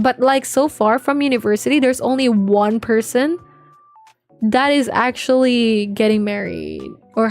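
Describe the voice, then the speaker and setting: A young woman streaming live, chatting casually and rambling with viewers, full of filler words and slang. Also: a little high. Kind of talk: casual livestream chat with viewers.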